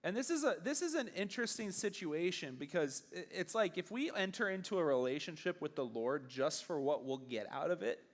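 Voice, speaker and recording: A man's voice: a little high, animated. A young man, a youth pastor, giving a casual sermon to teenagers in a chatty way, often acting out bits of dialogue. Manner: conversational, acts out dialogue in quick bursts.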